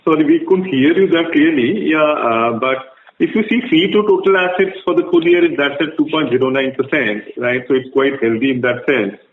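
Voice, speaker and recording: Finance executive, echoey phone line. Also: male voice, a little high, slight background noise. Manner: measured, explanatory. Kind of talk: earnings call answers.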